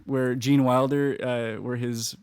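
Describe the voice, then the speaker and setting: A man's voice: medium pitch, little pitch movement, takes it slowly, a little mellow, clean tone, no echo. A man co-hosting a podcast, chatting casually with enthusiasm and laughing often. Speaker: podcast co-host. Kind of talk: casual chat.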